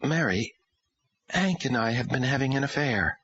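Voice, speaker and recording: A man's voice: mid-range voice, expressive, normal speed, a bit bright, breathy edge, pitched above the performer's own voice. A man reading an audiobook, voicing a tearful woman who hesitantly confesses. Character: anxious grown woman confessing an affair. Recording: dull lo-fi audio.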